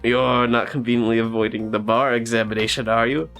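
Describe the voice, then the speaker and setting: A man reading a haughty, competitive young woman prosecutor in a put-on German accent, slow and clipped. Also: medium pitch, level tone, vocal fry, a bit bright, smooth, soft background music.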